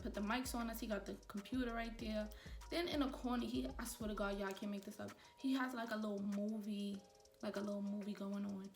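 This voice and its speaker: A young woman telling a storytime to her viewers while doing her makeup, animated and talking straight to them. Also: mid-range voice, reverberant, distant mic. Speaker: beauty vlogger.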